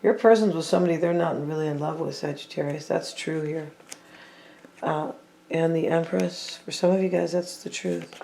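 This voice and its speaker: Chatty tarot reader thinking out loud. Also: mid-range voice, fairly even intonation, normal speed, gravelly, a little hiss or hum. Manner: chatty, thinking aloud, repeats and hedges with "I feel like"; playful, teasing asides to the audience. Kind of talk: casual tarot card reading to viewers.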